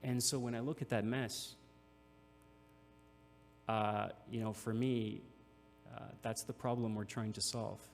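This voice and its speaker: A man's voice: lowish voice, steady tone, measured pace, pauses often. A man, a nonprofit CEO, giving an earnest, emotional conference speech with frequent restarts. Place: large hall. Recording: reverberant hall with faint hum.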